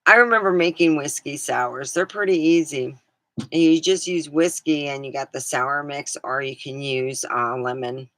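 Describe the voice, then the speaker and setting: A woman's voice: deep voice, normal speed, fairly bright tone, dry recording, low-quality recording. A woman livestreaming, chatting casually in a meandering way and swearing now and then. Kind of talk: casual rambling chat.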